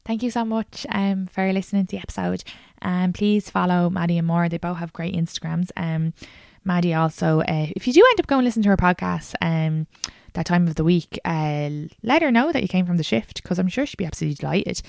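A woman's voice: lowish voice, a little fast, creaky, darkish tone, no room sound, clean studio sound. A woman hosting a podcast, chatting casually and saying "like" a lot. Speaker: podcast host. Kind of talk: casual chat.

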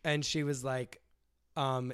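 A man from the United States in casual chat, rambling with lots of fillers and lively impressions of his mother. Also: mid-range voice, slow pace, clean tone. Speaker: guest.

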